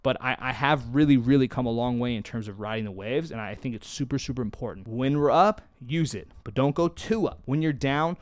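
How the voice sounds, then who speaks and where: A man's voice: mid-range voice, brisk, hardly any pauses, no room sound. Candid man talking to camera, dry sound. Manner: candid and self-deprecating, shifts between loud emphasis and quiet asides. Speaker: mental health vlogger.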